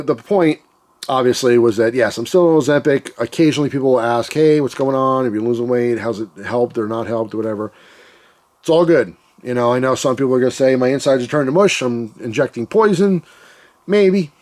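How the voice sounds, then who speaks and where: A man's voice: mid-range voice, a little mellow. A man hosting his own channel, talking in a rambling, candid way and describing himself as emotional. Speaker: channel host. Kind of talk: casual reflective vlog monologue.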